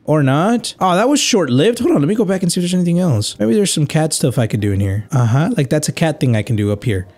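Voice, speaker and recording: Lively joking gamer man. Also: on the high side, fast, few pauses. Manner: animated, joking, mixes in Spanish words. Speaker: gaming YouTuber. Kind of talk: casual gameplay commentary.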